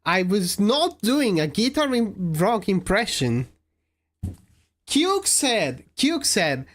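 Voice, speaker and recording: A woman's voice: mid-range voice, very animated, slow pace. A woman streamer chatting casually with viewers, laughing often and speaking with non-native phrasing. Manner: giggly, laughs often while answering chat. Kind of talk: casual live-stream chat.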